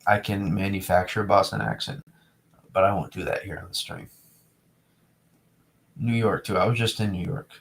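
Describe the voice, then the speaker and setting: A man's voice: low voice, normal speed, gravelly, long pauses. A young man from New England chatting casually to his live-stream viewers, rambling and repeating himself as he reads the chat. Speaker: weather streamer.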